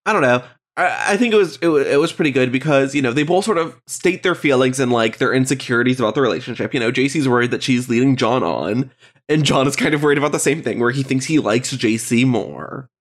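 A man co-hosting a podcast in casual chat, congested and tired, rambling and hesitant with quick laughs. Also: medium pitch, animated. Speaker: podcast co-host.

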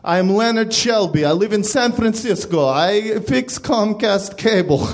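A man's voice: high voice, animated, measured pace, pitched above the performer's own voice. A man putting on a whiny cable repairman with a fake Eastern European accent. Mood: menacing. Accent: put-on non-specific Eastern European.

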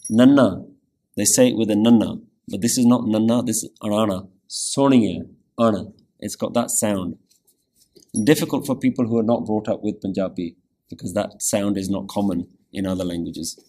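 A man teaching a Sikh scripture lesson, explaining meanings and pronunciation with careful, deliberate explanation and frequent "yeah?" check-ins. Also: lowish voice, a little mellow. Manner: pronounces Punjabi scripture carefully.

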